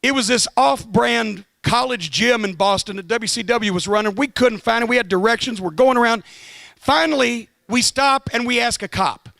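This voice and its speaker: Guy roasting his buddy, really high bright voice, crude sarcastic jokes, sounds tight and close. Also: normal speed, creaky, no room sound. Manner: sardonic, profane, animated storyteller. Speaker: roast guest of honor. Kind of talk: comedy roast speech, storytelling.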